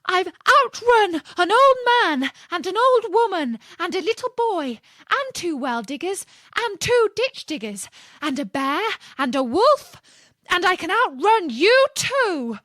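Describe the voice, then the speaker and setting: A woman voicing a cheeky, bragging little gingerbread man in a storybook reading, loud and singsong. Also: a little high, big pitch swings, slow pace, no room sound, studio quality, voice pushed up, exaggerated voice. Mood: boastful.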